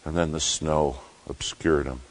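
A man preaching, slowly and dramatically retelling a true story in a sermon. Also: a bass voice, steady tone, low-quality recording.

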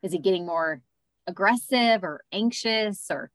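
A woman hosting a podcast interview, asking long gentle questions. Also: mid-range voice, measured pace, no room sound. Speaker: podcast host. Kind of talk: interview conversation.

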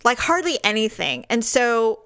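A middle-aged woman co-hosts a podcast in relaxed, animated chat. Her voice sits a little high, and she laughs often while acting out the voices in her stories. The recording is close and dry, with no room sound. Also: moderate pace, dry recording. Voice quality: lively, laughs often, acts out quoted voices. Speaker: podcast co-host. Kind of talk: casual chat, animated storytelling.

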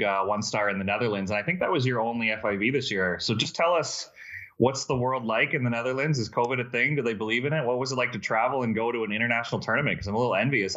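A man's voice: mid-range voice, bright, forceful tone. A man co-hosting a podcast, eagerly firing questions at a guest. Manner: eager, asks questions in a rush. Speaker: podcast co-host. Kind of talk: casual podcast chat. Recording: slightly dull lo-fi sound.

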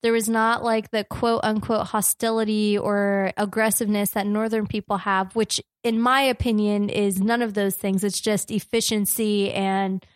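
A woman's voice: mid-range voice, level tone, moderate pace, hardly any pauses, dry recording, clean studio sound. A young woman from New Jersey co-hosting a casual podcast, chatty and self-deprecating, laughing easily. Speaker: podcast co-host.

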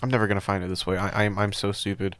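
A young man co-hosting a casual podcast, excitable, swearing a lot and stammering when surprised. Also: fairly low pitch, racing. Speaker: podcast co-host. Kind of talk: casual chat.

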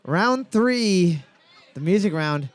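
High-voiced joking trivia host man. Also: expressive. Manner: joking, irreverent, reads questions slowly. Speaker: trivia night quiz host. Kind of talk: bar trivia hosting with crude banter.

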